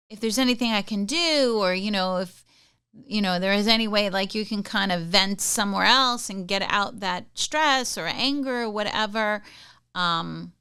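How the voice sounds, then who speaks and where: A woman's voice: medium pitch, pushed and bright, clear, resonant tone, no room sound, clean studio sound. A middle-aged woman hosting a podcast, chatting casually through personal anecdotes and often checking in with her listeners. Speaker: podcast host. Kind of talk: casual advice monologue.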